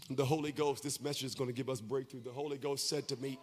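A man pastor preaching a sermon, sometimes half singing, moving between shouted lines and quiet asides. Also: steady tone, fairly quick, long reverb tail. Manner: impassioned, half-sung preaching that swings from shouts to low asides.

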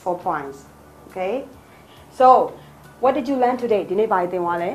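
A woman's voice: mid-range voice, sing-song, very fast, a little mellow, faint music behind, low-quality recording. A woman with a Burmese accent teaching English to a class, encouraging students and repeating their answers back with many "okay"s. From Myanmar.

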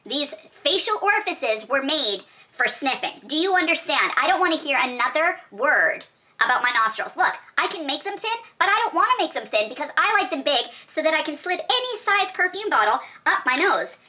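A woman's voice: high-pitched, sing-song, normal speed, bright, forceful tone, voice pushed up, exaggerated voice. Woman playing a gushing perfume fanatic. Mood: defiant. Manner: dramatic, breathless, rambling with restarts. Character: gushing over-the-top female perfume reviewer.

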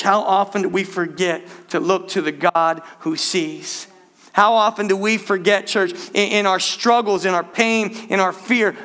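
Middle-aged preacher, man, bright and high-pitched, lively narrative sermon style. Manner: animated storytelling, addresses congregation as "church". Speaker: pastor.

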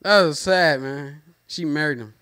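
A man's voice: fairly high pitch, measured pace, pushed and bright, smooth. A man doing a stand-up comedy set, talking in loose slang, repeating lines and trailing off.

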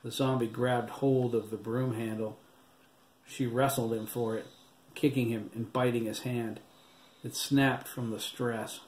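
A man reading his own novel aloud as an audiobook, in a steady, dramatic storytelling manner. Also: medium pitch, unhurried. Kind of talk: audiobook narration. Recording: roomy echo, faint background hiss.

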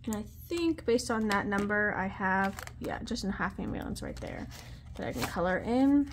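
A budgeting vlogger with a mid-range voice speaks at a moderate pace, with slight background noise. Sitting at her home desk, she chats casually and counts cash under her breath, adding little asides.

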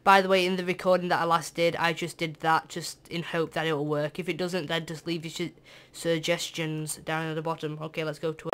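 A British teenager giving jokey let's-play gameplay commentary, excitable, breaking into sing-song bits and sudden shouts. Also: mid-range voice, a little fast, smooth. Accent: British English. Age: teens. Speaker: gameplay channel host.

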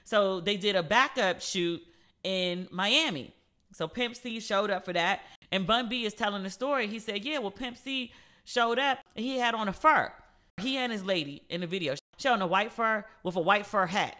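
A woman hosting her own podcast and chatting casually, telling gossipy stories in a lively way and acting out the people she quotes. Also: mid-range voice, moderate pace. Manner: animated, gossipy storytelling with quoted voices. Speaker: podcast host. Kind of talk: casual solo podcast chat.

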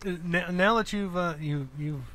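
A man's voice: high-pitched, normal speed, fairly bright tone, a little hiss or hum. A man hosting a podcast in casual chat, joking around and stumbling over his words when he asks questions. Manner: joking, stammering interviewer. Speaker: podcast host.

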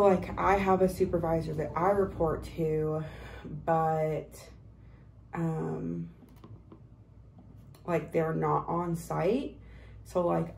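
Young woman vlogging on her phone, lowish gravelly voice, lots of "like" and "um". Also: mellow, slight background noise. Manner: chatty, lots of "like" and "um" fillers. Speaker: vlogger, traveling medical assistant. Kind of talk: casual vlog chat to camera. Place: at home, then in a car.

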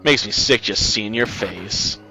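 Man playing a harsh prison warden, growly and contemptuous, bright edgy tone, faint game music behind. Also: lowish voice, unhurried, slightly rough, full character voice, poor audio. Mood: menacing. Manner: menacing, contemptuous. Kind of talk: voicing game dialogue.

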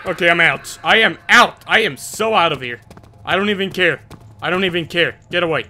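Excitable young man swearing through a horror game. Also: sits high, a little fast, faint music behind. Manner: excitable, swearing, jumpy reactions. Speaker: gameplay commentator. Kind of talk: horror game let's play commentary.

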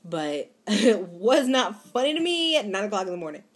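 A woman's voice: medium pitch, sing-song, moderate pace, slightly rough. Giggly young woman chatting to camera. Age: young adult. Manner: rambling, giggly, many fillers and restarts. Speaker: vlogger. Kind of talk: casual chat to camera.

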